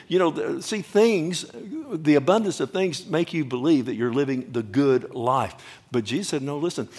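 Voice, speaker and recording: Animated preaching man. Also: medium pitch. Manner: animated preaching, rising loud on scripture, dropping quiet on asides. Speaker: pastor. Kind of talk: sermon.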